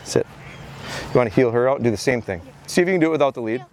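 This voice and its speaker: A man's voice: medium pitch, expressive, rapid-fire, a little hiss or hum. A man in his thirties teaching a dog training class outdoors on a mowed field, coaching handlers and often repeating his words as he gives instructions.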